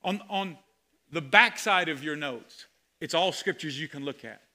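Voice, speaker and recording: A man preaching a sermon as pastor, animated, with sudden loud exclamations. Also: on the high side, a little slow.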